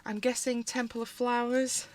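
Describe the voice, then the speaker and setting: A woman's voice: fairly high pitch, little pitch movement, normal speed. A British woman hosting a casual haul vlog from home, talking in a rambling, chatty way with frequent asides as she pages through books. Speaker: colouring channel host.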